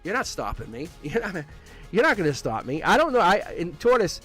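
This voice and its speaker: A man's voice: high voice, very animated, brisk, fairly bright tone, husky, soft background music. Chatty man doing a tarot reading. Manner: chatty, upbeat, rambling with many fillers and laughs. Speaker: tarot reader. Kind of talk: live-stream tarot reading.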